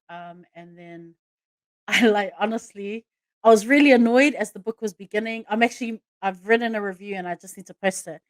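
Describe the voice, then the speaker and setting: A woman hosts a relaxed podcast conversation. She talks in a chatty, emphatic way and laughs easily. Her voice sits on the higher side, and it sounds dry and close. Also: no room sound. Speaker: podcast host. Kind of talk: casual podcast chat.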